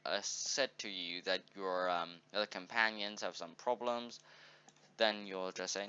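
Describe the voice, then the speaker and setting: A man with a lowish voice talks through a game walkthrough in a meandering, upbeat way, often correcting himself. His tone is bright and forceful, with a crisp, smooth clarity. The recording sounds dull and lo-fi. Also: steady tone, a little slow. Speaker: game tutorial presenter. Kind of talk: casual walkthrough, thinking aloud.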